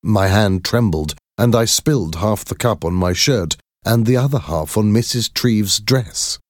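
Slow, measured male storyteller. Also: fairly low pitch, dry recording, studio quality. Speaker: narrator. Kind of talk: first-person storybook narration.

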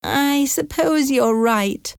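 A woman voicing a frightened, fretful elderly aunt in an audiobook, pleading in a high, trembling voice. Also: slow pace, creaky, dry recording, clean studio sound, full character voice. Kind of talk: audiobook character voice.

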